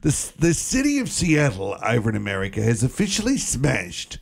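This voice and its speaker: A man's voice: mid-range voice, wildly swooping pitch, brisk, gravelly, breathy edge. A man co-hosting a breakfast radio show, joking and playfully tripping over his words. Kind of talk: comedic radio banter.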